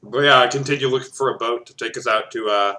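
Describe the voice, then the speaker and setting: A man's voice: medium pitch, fast talker, sharp tone. A young man playing in a tabletop game, laid-back and joking, describing his character's actions. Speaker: player. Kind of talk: tabletop role-play chat.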